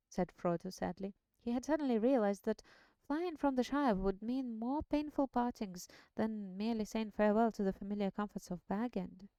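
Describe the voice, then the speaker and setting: A woman's voice: medium pitch, steady tone, normal speed, hardly any pauses, dark tone, clear, resonant tone, dry recording. A woman, not a native English speaker, reading a storybook aloud and chatting on a live stream in a chatty, self-deprecating way. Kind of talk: book reading and casual chat on a live stream.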